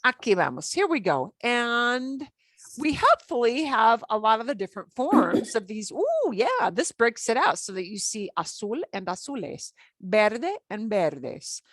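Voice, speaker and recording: A woman's voice: fairly high pitch, big pitch swings, measured pace, a bit bright, dry recording. A woman teaching a beginner Spanish class, explaining step by step, slipping in Spanish words and laughing lightly. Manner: patient, explains step by step, switches between English and Spanish.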